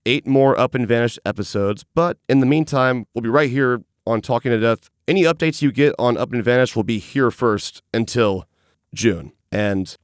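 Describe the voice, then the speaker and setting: A man from Atlanta hosting a podcast in a studio, relaxed and laughing easily. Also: mid-range voice, normal speed, clear, resonant tone, no room sound. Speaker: podcast host. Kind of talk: podcast intro and casual interview.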